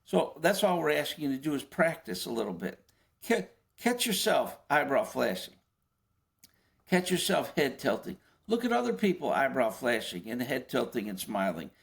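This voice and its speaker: An older man, a former FBI agent being interviewed, explaining in a conversational way, often posing rhetorical questions and stumbling into quick restarts. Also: mid-range voice, very animated, gravelly.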